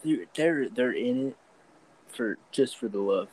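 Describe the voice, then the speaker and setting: A young man hosting a podcast in casual chat, laid-back, cursing casually and tossing in quick reactions. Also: medium pitch, expressive, darkish tone, slightly rough, poor audio. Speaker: podcast host.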